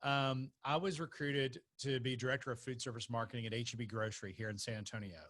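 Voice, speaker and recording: Bright-voiced man telling stories. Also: mid-range voice, fast. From North Carolina. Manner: animated, laughs while telling stories. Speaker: podcast guest. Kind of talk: conversational storytelling.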